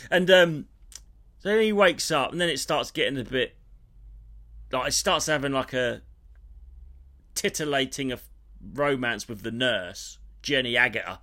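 A man on a podcast, retelling a film in a sweary, animated, rambling way. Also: mid-range voice, measured pace, pauses often. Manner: animated, sweary storytelling with restarts. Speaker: podcast co-host. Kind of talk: casual comedic chat.

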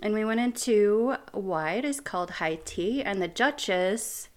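A woman's voice: mid-range voice, animated, a little slow. An American woman co-hosting a podcast, chatting casually and giggling, with lots of "like" and "um". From United States. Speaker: podcast co-host. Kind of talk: casual chat.

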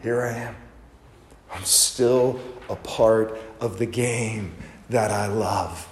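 A grieving middle-aged man who was once a golf pro speaks low and quietly, halting as he talks, voiced by a male preacher. The words come slowly and carry deep emotion. The long echo of a large hall surrounds him. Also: steady tone, slight background noise. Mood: heartbroken. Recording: echoey hall with long reverb.

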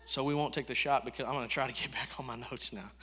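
Casting: male pastor preaching, very bright, ringing voice, long hall reverb. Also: medium pitch, fairly even intonation, quick pace, breathy edge. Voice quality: conversational, swings from hushed to loud. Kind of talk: sermon.

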